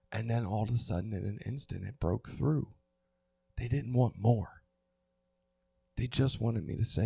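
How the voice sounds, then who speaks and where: A man's voice: fairly low pitch, unhurried, vocal fry, pauses often, mellow, husky, no echo. A middle-aged man on a recovery podcast, speaking openly and searching for words, restarting often and swearing now and then. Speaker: podcast co-host. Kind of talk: candid recovery podcast talk.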